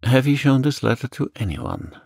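A man's voice: medium pitch, sing-song, moderate pace, creaky, a little mellow, slightly rough, no echo, clean studio sound, pitched above the performer's own voice, heavily acted. A man doing a curt, stern magistrate. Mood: stern, uneasy. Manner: curt, commanding. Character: stern male magistrate, proud and shaken. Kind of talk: calm audiobook reading.

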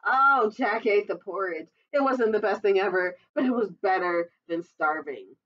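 A librarian reading a children's storybook aloud, adding chatty, giggly asides. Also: female voice, medium pitch, moderate pace. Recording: dull, distant recording.

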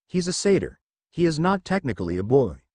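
A man's voice: a little high, very animated, a little fast, a little mellow, dry recording, studio quality. A man voicing a stern, proud young huntress in a storybook reading, speaking formally and dismissively.

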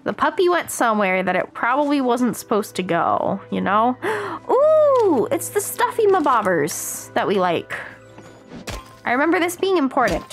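An American woman streaming a game, chatting excitedly with her viewers as she plays. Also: high-pitched. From United States. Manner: chatty, excitable, talks to chat while playing. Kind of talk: casual live-stream chat while gaming.

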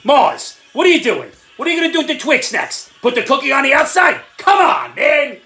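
A man's voice: very high voice, very animated, a little fast, bright, forceful tone, soft background music. A man in his fifties hosting a comedic rant vlog, sarcastic and ranting, often breaking into laughs. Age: 50s. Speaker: host.

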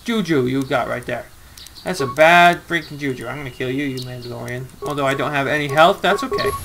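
A young man giving let's-play commentary, excitable, with melodramatic outbursts and mild swearing. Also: mid-range voice, fairly quick, vocal fry, background noise. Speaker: gamer. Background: game music.

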